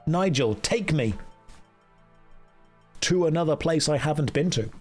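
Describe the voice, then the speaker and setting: A man's voice: a little high, lively intonation, unhurried, darkish tone, faint music behind. A man chatting on a live game stream in a joking, self-mocking way. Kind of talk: casual live-stream chat.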